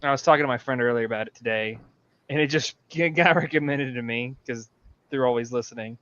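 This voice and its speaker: A man's voice: mid-range voice, brisk, a bit bright, muffled recording. A man with a Southern American accent chatting on a group call, rambling and hesitant with lots of fillers. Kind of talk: casual group chat on a call.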